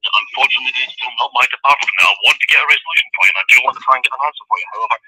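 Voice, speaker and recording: A man's voice: mid-range voice, very fast, pushed and bright, breathy edge, no room sound, low-quality recording. A man working as a customer service manager, answering a complaint with polite, formulaic lines he repeats like a script. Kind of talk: scripted call-centre reply.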